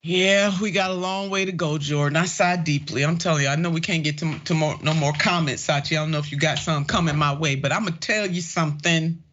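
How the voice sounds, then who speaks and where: A middle-aged woman hosting a political talk show from a studio, speaking with fired-up, animated conviction. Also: sits low, fast, few pauses. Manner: impassioned, animated, preacherly emphasis. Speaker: show host. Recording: dull lo-fi studio audio.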